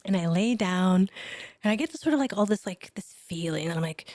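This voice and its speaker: A woman chiropractor, a guest on a podcast, telling a personal story in an animated way and dropping to a whisper for her remembered thoughts. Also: medium pitch, brisk, dry recording, studio quality. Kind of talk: storytelling in an interview.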